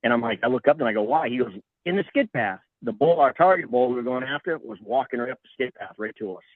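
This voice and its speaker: A man's voice: mid-range voice, quick pace, dry recording. Middle-aged man telling stories over a tinny line. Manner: animated, acts out quoted voices. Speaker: guest. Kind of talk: casual storytelling. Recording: tinny phone-like line, dry.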